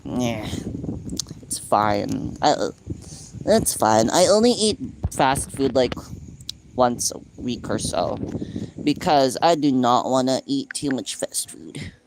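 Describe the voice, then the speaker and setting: A streamer chatting casually and playfully while drawing live, often breaking off mid-sentence, over faint background noise. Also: medium pitch. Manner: rambling, playful, self-interrupting.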